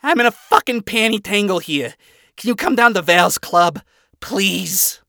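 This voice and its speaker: A man's voice: animated, a little slow, creaky, no echo, studio quality, heavily acted. A man voicing a flamboyant male spider demon who is battered but showy, in a sassy, theatrical, raised voice for a storybook reading. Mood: pleading. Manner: sassy, theatrical, high and loud.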